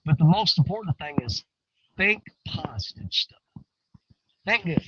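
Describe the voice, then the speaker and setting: A man talking casually to viewers from a riverbank, folksy and rambling, swinging between excited and hushed. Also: a little high, measured pace, breathy edge, no room sound, muffled recording. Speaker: outdoor fishing vlogger. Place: outdoors on a riverbank.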